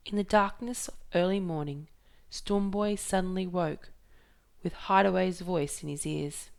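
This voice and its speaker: Woman reading a novel aloud, slow, measured, gravelly. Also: on the low side, darkish tone. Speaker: reader.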